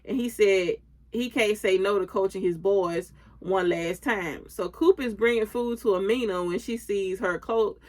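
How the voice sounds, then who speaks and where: A woman's voice: medium pitch, measured pace, a little mellow. A woman speaking in gives a loose, chatty recap of a TV episode. She strings the scenes together with "and he said" and "she was like," quoting the characters' lines as she goes. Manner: loose retelling with many "and he said" links and quoted lines. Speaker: recap host.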